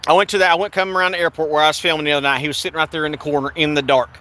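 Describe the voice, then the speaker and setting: A man's voice: on the high side, steady tone, very fast, bright, forceful tone. A man angrily recounting a police stop, restarting and repeating himself as he acts out the exchanges. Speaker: video creator recounting an arrest. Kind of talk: angry first-person account. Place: in a vehicle.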